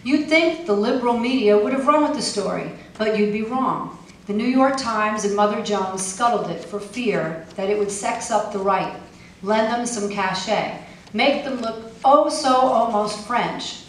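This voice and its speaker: A woman's voice: on the high side, unhurried, a little hiss or hum. A woman poet giving a live poetry reading with a wry, pointed delivery and casual asides between poems. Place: poetry festival venue. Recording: echoey room, mic far off, faint ambience.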